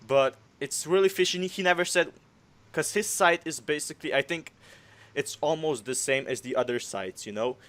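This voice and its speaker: A young man co-hosting a casual gaming podcast, blunt and quick to swear. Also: on the high side, fairly bright tone. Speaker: podcast co-host.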